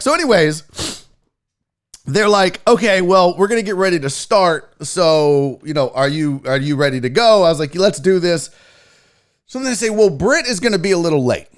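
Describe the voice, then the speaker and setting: A man hosting a sports talk show, telling a story in a casual, profane, animated way and acting out what others said. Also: high voice. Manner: animated, profane, acts out quotes. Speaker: podcast host.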